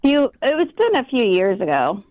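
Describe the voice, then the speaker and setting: A middle-aged woman calling in to a live show, hesitant and halting as she tells her story. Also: on the high side, sing-song, darkish tone, no echo, highs cut off. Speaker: caller.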